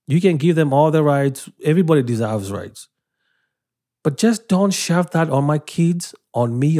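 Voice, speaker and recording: A man's voice: mid-range voice, dark tone. A man giving earnest, preachy religious commentary as a podcast host, emphatic and repeating himself as he talks.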